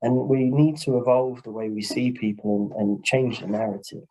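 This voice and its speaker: An earnest man speaks over a video call in a mid-pitched voice, telling a personal story in a webinar. His delivery is heartfelt and open, and he leans on "you know" as he goes. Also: fairly even intonation, normal speed, warm tone, rough recording. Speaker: social worker, webinar guest.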